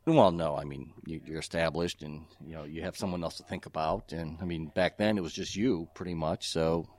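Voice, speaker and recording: A man's voice: extremely low pitch, steady tone, brisk, darkish tone. A man hosting a casual interview, encouraging his guest with short agreeing remarks. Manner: supportive, frequent short backchannels. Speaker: podcast host.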